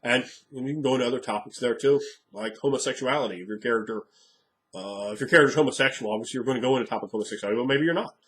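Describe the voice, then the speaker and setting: A man in a casual monologue about tabletop games, speaking frankly and rambling as he thinks aloud. His voice sits at a medium pitch. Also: rapid-fire, a bit bright. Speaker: game master.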